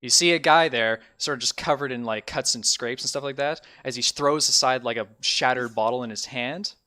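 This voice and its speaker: A man's voice: mid-range voice, a little fast, bright, forceful tone. A man narrating a tabletop game as dungeon master, rambling with many fillers and bursts of laughter.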